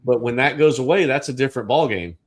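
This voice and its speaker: A man's voice: medium pitch, fast talker. A man hosting a casual livestream discussion as a real estate agent, thinking aloud with restarts.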